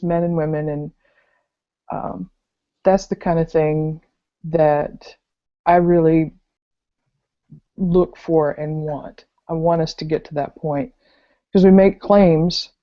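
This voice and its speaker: A woman's voice: deep voice, mellow. A middle-aged woman with a Southern US accent, rambling through a story as a guest co-host in a casual chat over a video call. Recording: dull lo-fi call audio.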